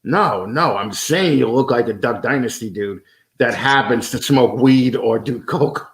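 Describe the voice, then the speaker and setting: A man's voice: medium pitch, measured pace, echoey room. A man as a podcast guest in casual chat, ranting with heavy swearing and stammering restarts.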